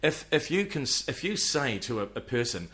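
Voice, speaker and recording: A man's voice: mid-range voice, very animated, moderate pace, fairly bright tone. Passionate middle-aged New man. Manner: passionate, repeats words when starting. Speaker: stand-up comedian guest. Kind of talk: casual podcast conversation.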